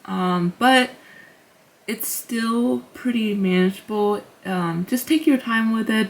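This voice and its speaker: A woman casually teaching beginners, slow and patient, repeating each sound and using many fillers. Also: mid-range voice, gravelly. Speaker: language teacher. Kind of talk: casual tutorial.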